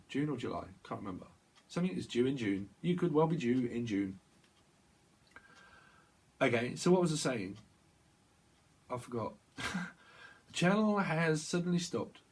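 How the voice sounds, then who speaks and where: A husky-voiced man delivers a tarot reading. His talk wanders and loops, with repeated phrases, half-finished sentences and quick self-corrections. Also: medium pitch. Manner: rambling, self-interrupting, repeats words, laughs at himself. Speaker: tarot reader. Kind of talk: rambling tarot reading monologue.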